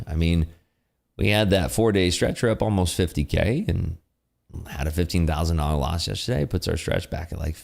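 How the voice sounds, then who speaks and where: A young adult man hosting a day-trading livestream, chatting casually with viewers in an animated, ranting way full of fillers. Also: sits low, gravelly. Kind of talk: casual livestream chat answering viewer questions.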